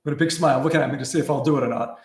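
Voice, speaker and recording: Steady in tone and mid-range, this man talks rapid-fire in a reverberant space. Middle-aged, he runs a guitar livestream, casually swapping profane anecdotes punctuated by chuckles.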